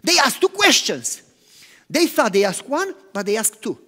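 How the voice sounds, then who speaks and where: A man preaching a sermon, animated, swinging between loud emphatic lines and hushed, quiet ones. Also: very high-pitched, normal speed. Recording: long hall reverb.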